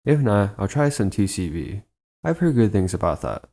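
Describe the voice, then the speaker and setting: A man reading aloud a first-person story someone sent in, in an even, unhurried storytelling manner. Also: fairly low pitch. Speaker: channel narrator. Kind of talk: reading a submitted first-person trip report.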